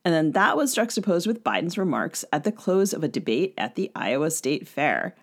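A woman co-hosting an interview podcast, explaining background in a clear, lightly playful way. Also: low-pitched, sing-song, normal speed, few pauses. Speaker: podcast co-host. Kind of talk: conversational interview, reading background notes.

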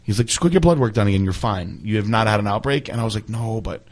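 A man's voice: fairly low pitch, fast talker. A man telling a long story in casual chat, swearing often and rambling. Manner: profane, rambling, animated storyteller.

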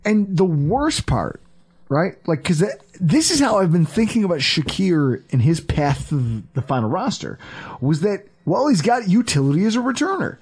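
A man hosting a sports podcast, chatting casually, animated and profane, acting out quotes as he goes. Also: high-pitched, normal speed, slightly rough. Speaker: podcast host.

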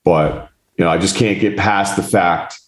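Deep-voiced man telling a story. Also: normal speed, echoey room. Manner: animated, mimics others in quotes, swears. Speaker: podcast host. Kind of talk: casual storytelling chat.

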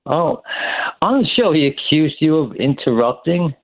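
A man calling into a talk radio show, indignant and critical, speaking in halting bursts. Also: fairly high pitch, big pitch swings. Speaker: caller. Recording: tinny phone line.

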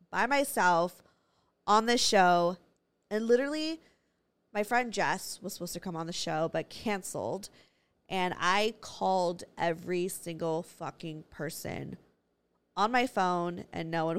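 Excitable, foul-mouthed woman podcast host. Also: lowish voice. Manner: loud, excitable, swears freely. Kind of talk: casual solo podcast chat with swearing.

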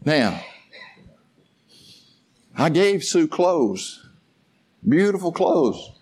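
A male pastor preaching a sermon in a folksy, conversational way, stumbling into restarts and swinging from soft, slow musing to loud, fervent exhortation. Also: on the high side, very animated, husky.

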